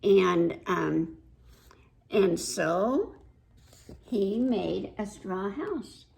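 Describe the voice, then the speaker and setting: A woman librarian reading a picture book aloud at children's story time, pausing to ask the young listeners questions. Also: medium pitch, expressive, gravelly, darkish tone, poor audio.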